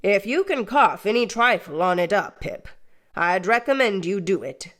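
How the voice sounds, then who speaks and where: A woman voicing a kind, slow-witted village blacksmith, grown man, talking slowly and earnestly in an audiobook. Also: mid-range voice, lively intonation, natural voice. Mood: worried.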